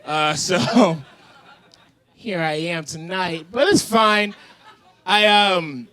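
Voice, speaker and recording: A man opens his stand-up set with loud, shouty crowd work and self-deprecating jokes. His voice is high and bright with a forceful edge. He works a handheld mic on a bar stage. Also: drawn-out words. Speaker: stand-up comedian. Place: comedy bar stage, indoors.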